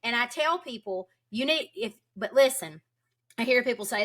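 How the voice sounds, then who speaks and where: A woman's voice: fairly high pitch, lively intonation, fairly quick, a bit bright. A woman homeschool advocate from Tennessee, talking urgently and emphatically as a guest in a podcast interview. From Tennessee, United States.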